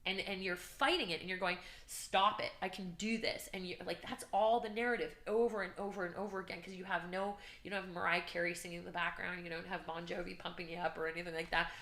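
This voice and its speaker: A woman guest telling her story in an interview, animated and earnest, acting out shouts and her own inner voice. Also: fairly low pitch, fast, hardly any pauses, echoey room. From Canada. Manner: emotional, earnest. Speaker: podcast guest, business coach.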